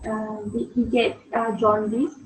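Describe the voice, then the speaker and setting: A woman's voice: a little high, little pitch movement, measured pace, distant mic. A woman medical student taking a patient's history, asking polite, hesitant questions with many fillers. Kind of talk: mock clinical history-taking. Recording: echoey room with faint noise.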